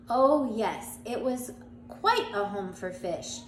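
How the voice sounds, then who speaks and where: Animated and slow-paced, a woman with a slightly high voice reads aloud from a children's chapter book, voicing characters along the way with small slips and restarts. Allergies make her a bit stuffy and she coughs now and then, recorded in an echoey room with a faint background hum.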